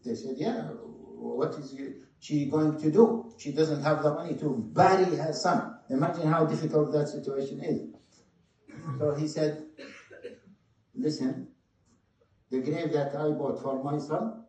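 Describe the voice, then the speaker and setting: Guy preaching a sermon, fairly high voice, big echoey hall, mic a bit far off. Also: steady tone, unhurried. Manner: impassioned, swings between loud and hushed. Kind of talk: sermon storytelling.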